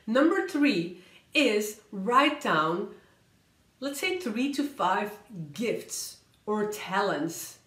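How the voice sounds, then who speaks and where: A woman coaching viewers in a motivational vlog, emphatic and energetic, repeating words for emphasis and slowing down to stress key points. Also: mid-range voice, roomy sound. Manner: usually talks fast, slows down to stress key points. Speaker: career coach and vlogger. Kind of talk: motivational vlog talk to camera.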